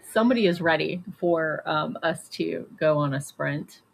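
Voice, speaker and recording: A woman's voice: sits low, normal speed, vocal fry, slightly rough. Chatty woman hosting a stream. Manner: chatty storyteller, animated quoting. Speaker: stream host. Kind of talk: casual chat.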